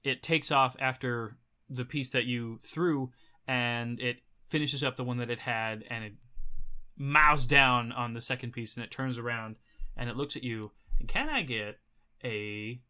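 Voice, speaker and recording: Give me a male game master with a bright voice, setting scenes slowly and vividly. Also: medium pitch, smooth. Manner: vivid, measured scene description. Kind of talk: narrating a tabletop game.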